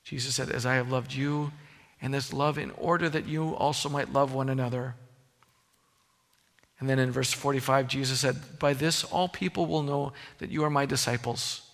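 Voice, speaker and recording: A man's voice: medium pitch, fairly even intonation, moderate pace, vocal fry, fairly bright tone, long reverb tail. A man preaching a sermon as pastor, earnest and emphatic, often restarting his phrases.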